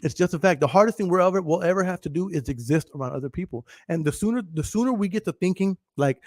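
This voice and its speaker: Male podcast host, thirties, slightly high voice, dry close sound; brash, swearing, laughs a lot. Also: animated, quick pace, dry recording. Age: 30s. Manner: profane, emphatic, laughs often. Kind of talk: casual livestream monologue.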